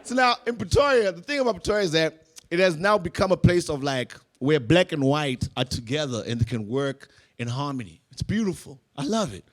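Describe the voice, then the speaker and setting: A young man, doing animated stand-up storytelling and acting out voices. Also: a little high, fairly quick. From South Africa. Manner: animated, acts out voices, laughs through lines. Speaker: stand-up comedian. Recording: noisy live room.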